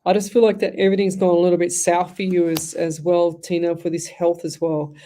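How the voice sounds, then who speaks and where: A woman's voice: lowish voice, little pitch movement, brisk, mellow. A woman hosting a live radio show as a psychic medium, chatty and rambling with frequent restarts. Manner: chatty, rambling, thinks aloud with many restarts.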